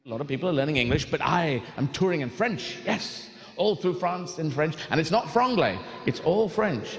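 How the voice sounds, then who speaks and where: A male stand-up comedian telling rambling, animated stories on stage, swearing freely and slipping into voices. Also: fairly high pitch, moderate pace.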